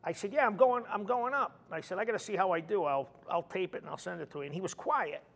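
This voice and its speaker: With a high, breathy voice edged with vocal fry, a man who's a comedian guest rattles quickly through a story in a casual chat, lively as he plays out the quoted dialogue. Long reverb hangs on the sound.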